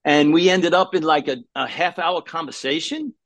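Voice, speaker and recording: A middle-aged man, a guest, telling a story in a relaxed, conversational way, with fillers and small restarts. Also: a little high, normal speed, no echo. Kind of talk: casual storytelling.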